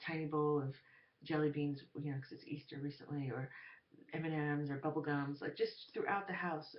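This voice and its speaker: A woman telling a story in a casual monologue, rambling and hesitant, full of fillers. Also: sits low. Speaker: vlogger. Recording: roomy, dull lo-fi recording.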